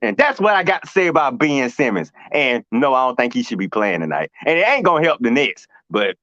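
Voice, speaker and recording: A man's voice: medium pitch, sing-song, a little fast, bright, forceful tone, no echo, dull audio. A man hosting a sports talk show, teasing his co-host and going off on slangy mock rants. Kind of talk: casual sports banter.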